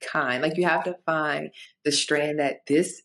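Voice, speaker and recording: A woman's voice: deep voice, measured pace. A woman co-hosting a podcast in casual chat, blunt and swearing freely, acting out quoted reactions in different voices. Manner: animated, acts out quoted reactions in varied voices. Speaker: podcast co-host.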